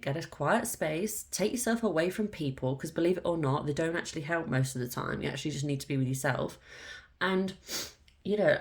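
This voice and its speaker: A woman giving a casual tarot reading to camera, frank and coaxing, swearing freely and often saying "look" and "like". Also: deep voice. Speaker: tarot reader.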